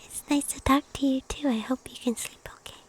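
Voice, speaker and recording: A woman streamer in whispered ASMR chat, soft and playfully teasing. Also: high voice, steady tone, a little fast, a little hiss or hum.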